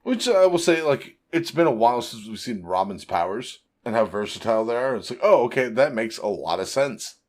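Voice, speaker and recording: A man's voice: mid-range voice, expressive, fairly quick, hardly any pauses. A man co-hosting a podcast, retelling a story with lots of swearing and acted-out quotes. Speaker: podcast co-host. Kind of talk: casual chat.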